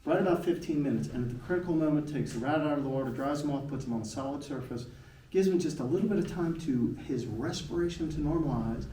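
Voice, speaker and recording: A middle-aged man gives a live presentation as a motivational speaker, talking in an animated, emphatic way with lots of rhetorical questions. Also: quick pace. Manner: animated and emphatic, with big swings in pitch and frequent rhetorical questions. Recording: echoey, distant hall sound with faint noise.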